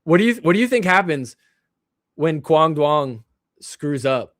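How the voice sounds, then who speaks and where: A young man hosting a live stream, joking and excitable as he reacts to clips and laughs often. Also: a little high, measured pace, no room sound, clean studio sound. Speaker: livestream show host. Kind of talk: casual live-stream commentary.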